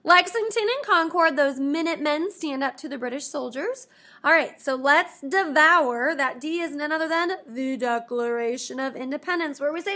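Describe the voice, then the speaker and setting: Woman teacher, high voice, animated history lesson, playful asides. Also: normal speed. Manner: lively, expressive, playful asides to students.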